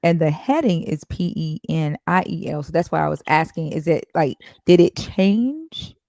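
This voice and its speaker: Low, gravelly-voiced woman asking questions. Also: expressive, moderate pace, dark tone, no room sound. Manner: inquisitive, asks pointed questions and reasons them out. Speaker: podcast co-host discussing the Bible. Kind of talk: casual chat.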